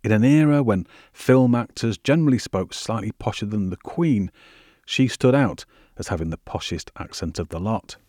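A man hosting a history podcast, telling the story in measured, wry scripted narration. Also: lowish voice, lively intonation, a little mellow, dry recording, studio quality. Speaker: podcast host.

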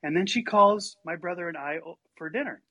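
An older man with a husky voice and a slightly raised pitch tells family stories in a relaxed, conversational way. He animates his tales by slipping into his relatives' voices. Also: brisk. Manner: animated, acts out family members in higher voices. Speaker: storyteller guest. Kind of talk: casual storytelling chat.

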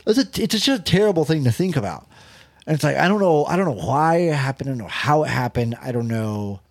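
A man's voice: a little high, fairly quick, dry recording. Young man, podcast host, foul-mouthed storyteller, dry recording. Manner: animated storytelling, swears a lot. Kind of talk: crude casual podcast banter.

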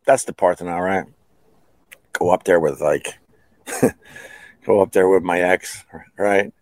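A man's voice: deep voice, fairly even intonation, unhurried, darkish tone, no echo. A middle-aged man hosting a podcast, rambling through his own stories, swearing and laughing at himself. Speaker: podcast host, former radio host. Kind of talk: rambling solo storytelling.

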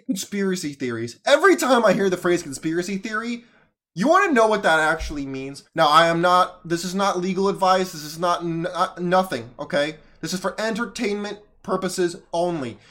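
A man with a high, light voice hosts a solo commentary show. He talks with heavy sarcasm and stops clips again and again to argue back at them. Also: expressive, brisk, fairly bright tone. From United States. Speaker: podcast host.

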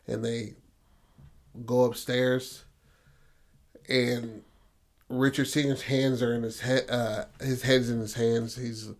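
A man's voice: medium pitch, little pitch movement, takes it slowly, pauses often. A male podcast host retelling a story in a rambling, casual way, heavy with fillers and swearing.

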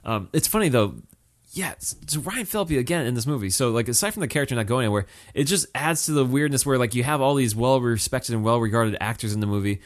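A man co-hosts a loose film review conversation at an ordinary middle pitch. He rambles, stacks fillers and restarts his sentences as he thinks aloud. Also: lively intonation, fast talker. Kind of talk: casual movie review chat.

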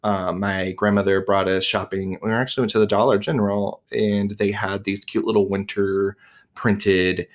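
Young man, podcast host, casual monologue, lowish pitch, candid, frequent fillers and cursing. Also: level tone, normal speed. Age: 20s. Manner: chatty, candid, swears freely, many "like" and "um".

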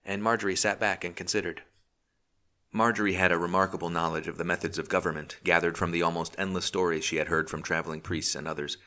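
Deep-voiced male audiobook narrator. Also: fairly even intonation, fast talker, sharp tone. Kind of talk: scripted narration.

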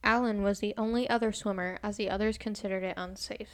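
An American woman hosts a relaxed podcast, reading out a true crime case between bits of banter. She often stumbles over words and laughs at herself. Her voice sits at an everyday middle pitch. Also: quick pace, smooth. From United States. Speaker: podcast host.

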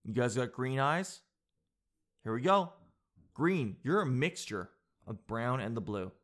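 Casual male vlogger, animated and wisecracking. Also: mid-range voice, slow. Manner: excitable, jokey, says "dude" a lot. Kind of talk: casual chat reading an article aloud.

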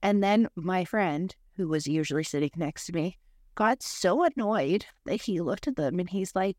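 A woman with a lower-pitched voice talks in loose, rambling casual chat on a podcast, piling on fillers and asides as she tells candid stories. The sound is close and dry, with no room around it. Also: expressive, moderate pace, a little mellow, no room sound. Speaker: podcast co-host.

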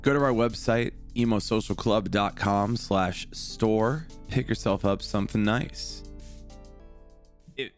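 A man's voice: on the low side, unhurried, hardly any pauses, soft background music. A man hosting a podcast, joking and laughing often in casual chat and a merch plug. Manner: joking, laughs a lot, playful. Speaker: podcast host.

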